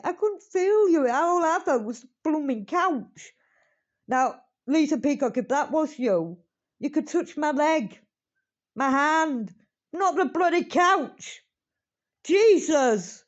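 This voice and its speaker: A woman reacts on camera in a loose, dramatic way and speaks right to her viewers. Her voice sits a little high. The recording is dull and lo-fi. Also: animated, slow. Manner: dramatic, talks straight to viewers, swears. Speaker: reaction video host. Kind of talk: casual reaction commentary.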